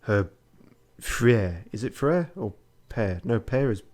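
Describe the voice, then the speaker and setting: A man's voice: mid-range voice, animated, moderate pace, dark tone. A man streaming a charity event, making wry, sweary, self-deprecating asides between story passages. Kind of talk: self-mocking aside while playing a story game.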